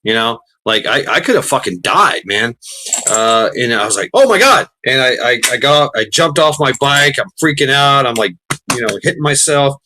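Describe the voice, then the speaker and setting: A man's voice: medium pitch, normal speed, pushed and bright, slight background noise. A man chatting casually while gaming, rambling with many restarts and fillers, swearing freely.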